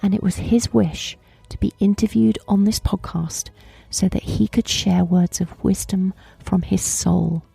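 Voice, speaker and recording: A woman hosting an interview podcast, introducing her guest in a soft, slow way. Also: medium pitch, fairly even intonation, gravelly, breathy edge, dry recording, faint music behind. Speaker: podcast host.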